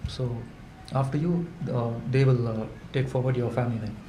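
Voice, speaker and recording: A man voicing a kindly monk who calmly gives instructions. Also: medium pitch, normal speed, roomy sound, a little hiss or hum, natural voice, rough recording. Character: kindly old monk granting a blessing.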